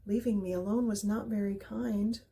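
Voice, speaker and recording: A woman voicing a rough, eager young male dragon in a storybook reading, talking earnestly and pleadingly. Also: medium pitch, steady tone, moderate pace, mellow, close to an everyday voice.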